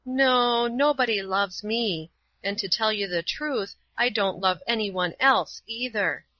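A woman's voice: medium pitch, takes it slowly, pushed and bright, dull audio. A woman playing a forlorn, humble old woman. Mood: sad, humble. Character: poor lonely old woman, timid and forlorn.

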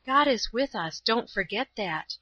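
A woman voicing a gentle, pious old woman who speaks calmly and tenderly in a storybook reading. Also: mid-range voice, normal speed, no room sound, highs cut off.

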